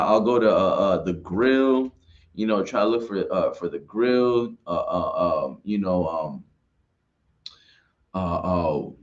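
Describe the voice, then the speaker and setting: A man's voice: fairly low pitch, lo-fi sound. A man giving an informal religious class talk, rambling and repeating himself, often asking "right?". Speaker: class speaker.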